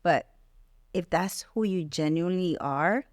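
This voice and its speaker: A woman real estate agent talks earnestly on a podcast and often restarts her sentences as she pushes a point. Her voice sits a little low. The recording is dry and close. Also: a little slow, no echo. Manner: earnest and emphatic, with many restarts. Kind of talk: casual podcast interview.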